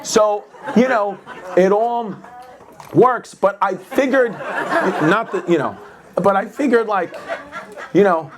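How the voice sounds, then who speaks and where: A stand-up comedian telling an animated story, laughing as he goes and acting out the other voices. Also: high voice, takes it slowly, pauses often, noisy background.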